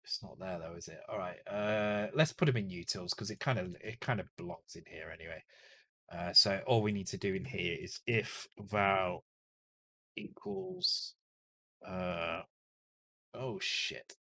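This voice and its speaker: This Northern English man streams live while coding a retro game, muttering, self-correcting and joking with casual swearing as he thinks aloud. He sounds low, animated and pushed, with a bright tone at a measured pace.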